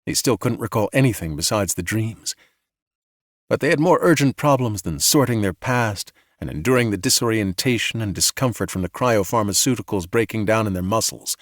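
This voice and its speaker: A man narrating a calm bedtime sci-fi audiobook with slow, soothing storytelling. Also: fairly low pitch, no room sound, studio quality.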